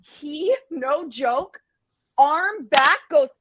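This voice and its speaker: Bright, animated woman telling a story. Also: high voice, extremely slow, a little hiss or hum, rough recording. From Israeli family. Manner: animated, self-deprecating, laughs through stories. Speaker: podcast guest. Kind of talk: casual storytelling.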